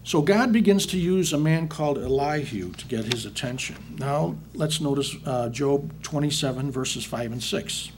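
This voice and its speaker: With a medium-pitched voice at normal speed and few pauses, a man delivers a sermon. He reads each Bible verse and then explains it in plain talk, calling his listeners brethren, over a faint hiss or hum.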